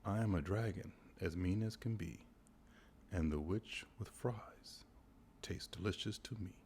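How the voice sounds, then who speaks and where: A mean, hungry dragon who speaks slowly and breathily, half whispering his threats. The man's deep, gravelly storybook voice stays low and mellow throughout. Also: slight background noise. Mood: menacing.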